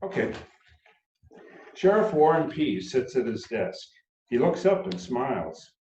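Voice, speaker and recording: A man, the author, reading his own novel aloud calmly and unhurriedly, with brief asides. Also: mid-range voice, a little slow. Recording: roomy, dull sound from far off.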